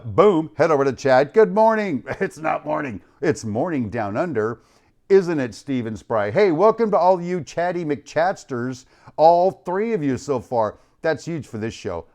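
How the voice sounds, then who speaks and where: A man hosts a live stream in a hyped, joking way. His voice swings widely between high bursts and low, trailing endings. He is speaking into a studio mic. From United States. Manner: hyped, playful, shouts out chat names, trails off low. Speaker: host of a live online show. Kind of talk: energetic live-stream chat.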